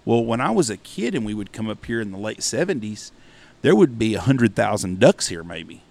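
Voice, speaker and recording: A man's voice: on the low side, very animated, brisk, vocal fry, a little mellow. A man in his fifties hosting a casual podcast chat, earnest and explaining at length. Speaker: podcast host.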